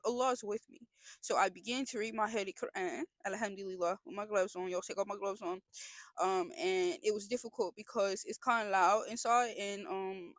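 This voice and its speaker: An earnest young woman speaks straight to her viewers in a casual confessional vlog, her mid-pitched voice rambling and circling back on itself as she talks through her feelings. The sound is dry and close, with little room around it. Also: dry recording. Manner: earnest, emotional, rambling with restarts. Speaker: vlogger.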